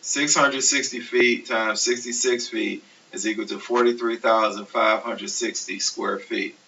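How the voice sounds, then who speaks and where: A man teaching a recorded math lecture, explaining steps slowly and methodically. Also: medium pitch. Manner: steady, methodical explaining, self-correcting. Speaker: math instructor. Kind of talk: recorded lecture over slides. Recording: distant, dull, hissy classroom recording.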